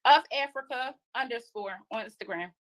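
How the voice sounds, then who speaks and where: A woman's voice: on the high side, normal speed, a bit bright. A woman in her twenties from Philadelphia, a dating-show guest answering questions hesitantly with lots of ums. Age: 20s. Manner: hesitant, full of ums, then playful. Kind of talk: casual interview answers.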